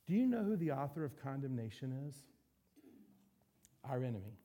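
A man preaching a sermon as pastor, animated, acting out little voices and quotes. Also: medium pitch, moderate pace.

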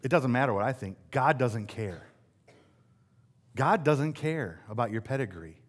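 In an expressive mid-range voice, slightly slow, a middle-aged man from West Michigan preaches as a pastor. He's conversational and self-deprecating, tossing rhetorical questions to the congregation.

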